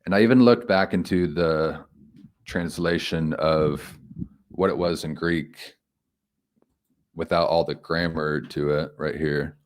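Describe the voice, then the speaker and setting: A man giving an informal Bible commentary, reflective and halting, thinking aloud with frequent restarts. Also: extremely low pitch, fairly even intonation. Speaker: homily speaker.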